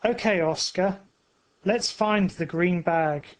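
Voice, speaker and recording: A short-tempered thief leader barks impatient orders, voiced by a man reading the story. The voice sits a bit above the narrator's own, firm and clipped, in an unhurried storybook delivery. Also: high voice. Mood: urgent.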